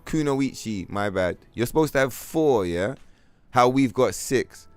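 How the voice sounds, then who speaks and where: A man's voice: mid-range voice, lively intonation, a little slow, faint music behind. A man from London with a London accent, chatting bluntly and profanely as he streams a game, with trollish banter. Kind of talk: casual livestream chat.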